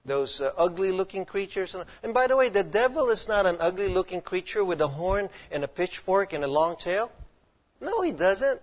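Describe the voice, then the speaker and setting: A man's voice: sits high, very animated, moderate pace. A male pastor preaching a sermon emphatically, often quizzing his listeners with questions. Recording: dull lo-fi recording.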